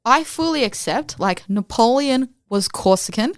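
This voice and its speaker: Female podcast co-host, higher voice, pointed and argumentative, dry close sound. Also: lively intonation, a little slow, no echo. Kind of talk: casual debate chat.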